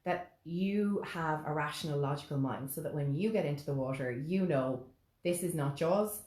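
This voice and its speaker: A low-pitched woman reflecting calmly in casual conversation. She speaks in a measured, thoughtful way. Her voice echoes in the room. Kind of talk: casual chat.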